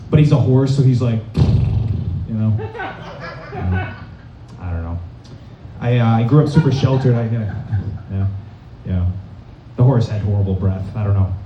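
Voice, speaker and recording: A young man from Massachusetts doing a rambling stand-up set in a comedy club, deadpan and full of fillers. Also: lowish voice, a little slow, long pauses, background noise. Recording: dull, roomy, distant club recording.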